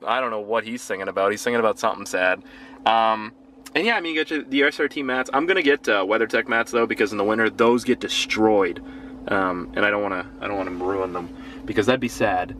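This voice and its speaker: A man's voice: on the low side, fast talker, bright, forceful tone, slight background noise. A young man from Canada rambling casually through a walkthrough of his car, swearing freely and apologizing often. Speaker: gaming vlogger. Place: inside a parked car.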